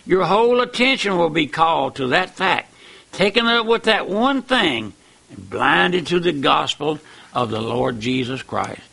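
Male preacher, high and bright with gravel underneath, fervent and emphatic. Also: very animated, unhurried. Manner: fervent, emphatic with wide swings in loudness. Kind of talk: sermon.

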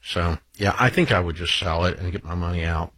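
A man's voice: low voice, a little fast, sharp tone, husky, no echo. A man hosting an advice show, blunt and emphatic in casual talk.

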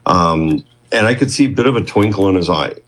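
A man's voice: sits low, lively intonation, a little fast, fairly bright tone, poor audio. A man in his fifties, a guest on an interview show, telling a long story in a rambling, self-interrupting way.

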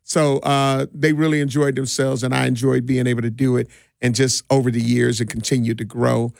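Gravelly middle-aged man telling stories. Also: mid-range voice, flat delivery, brisk, a little mellow, no echo, studio quality. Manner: easygoing, laughs between stories, many restarts. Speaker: DJ and community party organizer. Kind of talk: casual interview storytelling.

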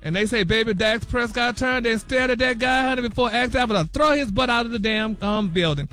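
High-voiced sassy radio gossip man. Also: a little fast, sharp tone, soft background music. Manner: flamboyant, sassy, calls people honey. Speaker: celebrity news host. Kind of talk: gossip segment on morning radio.

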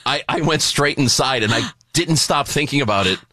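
A male host recounting a mishap with a bright, forceful voice that rises and falls a lot. He talks casually and with self-mockery, in a dry, close sound without room echo. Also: mid-range voice, normal speed. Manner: animated, self-mocking, frequent restarts. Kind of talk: casual chat, telling a personal story.

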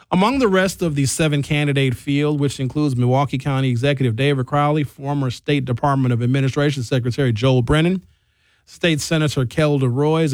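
A man from Wisconsin hosts a solo talk show, trading jokes and asides in animated storytelling. His voice sits fairly high. The sound is dry and close, with no room around it. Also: dry recording. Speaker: host. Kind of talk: solo commentary.

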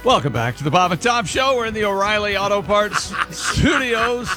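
A man's voice: high voice, expressive, normal speed, pushed and bright, soft background music. A man hosting a morning radio show, upbeat as he welcomes listeners and introduces the crew. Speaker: radio host. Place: radio studio.

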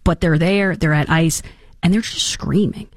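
A woman in her thirties hosting an opinionated talk show, animated and mocking in her delivery. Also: low-pitched, normal speed, no echo, studio quality. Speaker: host.

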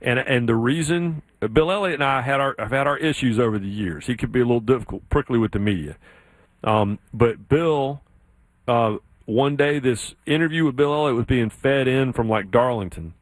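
A man from South Carolina with a Southern accent, hosting a sports radio show and telling stories with lively put-on voices. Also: normal speed, no room sound. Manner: animated storyteller, mimics others in high voices. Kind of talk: casual sports radio chat.

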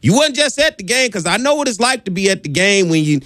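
A man's voice: sits high, big pitch swings, fast talker, bright, forceful tone, dry recording, clean studio sound. A man hosting a sports talk radio show, joking and slangy as he talks to guests and callers.

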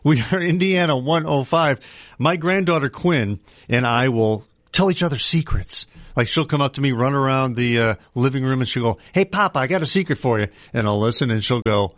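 A man's voice: mid-range voice, normal speed, fairly bright tone, no echo. An older man working as a country radio DJ, telling jokey stories in casual patter from a studio mic. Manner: chatty storyteller, jokey asides.

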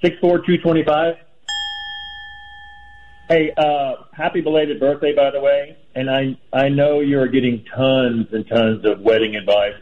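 A man calls into a radio show and gives friendly, earnest advice in a middle-pitched voice. The phone line muffles him and makes him sound dull. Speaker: radio caller. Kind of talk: casual call-in chat.

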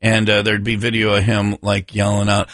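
A man co-hosting a casual news show, chatting and joking in an animated way. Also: on the low side, normal speed, dry recording. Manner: animated, breaks into shouted impressions.

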